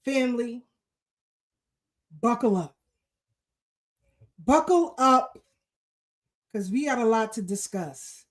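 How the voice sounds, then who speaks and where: A woman hosting a casual live talk show, animated and fired up, greeting her viewers with shout-outs. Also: fairly high pitch, slow, long pauses, poor audio. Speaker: host.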